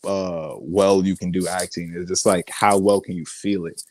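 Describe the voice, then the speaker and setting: Lively young man with a drawl. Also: low-pitched, normal speed, no echo. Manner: animated storyteller, acts out quotes, swears freely. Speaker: guest artist and actor. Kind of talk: casual interview.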